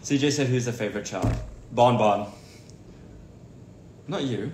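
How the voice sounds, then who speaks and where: Young man, livestream co-host, low voice, teasing, reads comments, roomy and hissy recording. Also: normal speed, a little mellow. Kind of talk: casual livestream chat. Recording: echoey room with hiss.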